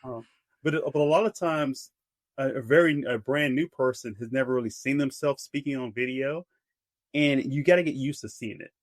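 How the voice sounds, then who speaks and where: A man's voice: mid-range voice, normal speed, dry recording, studio quality. A middle-aged man, an author and speaker, giving practical advice in a casual interview.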